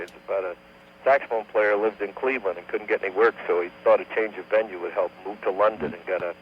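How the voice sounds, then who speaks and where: Man telling a long joke on radio. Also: deep voice. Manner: unhurried joke-telling with sung bits. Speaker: comedian guest. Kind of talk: radio talk show storytelling. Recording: dull lo-fi AM radio archive with faint hum.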